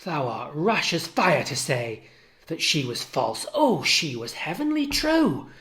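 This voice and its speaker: A man's voice: very animated, slow, fairly bright tone, heavily acted. A man voicing a loyal, outraged maidservant in a raised voice, crying out in alarm. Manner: high, cries out in alarm. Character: loyal, outraged female servant, middle-aged. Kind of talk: dramatic reading of a play.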